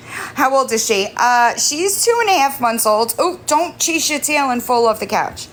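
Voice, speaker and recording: A woman hosting a casual livestream from home on her phone, switching between high sing-song baby talk to her kittens and chatty remarks to viewers. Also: lively intonation, measured pace, fairly bright tone, slight background noise. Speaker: livestream host.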